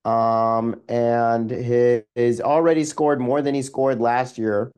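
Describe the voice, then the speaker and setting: A man's voice: medium pitch, flat delivery, slow, a little mellow, clear, resonant tone. A man co-hosting a sports podcast, chatting casually with plenty of ums and restarts. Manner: rambling, many fillers and restarts. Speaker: podcast co-host.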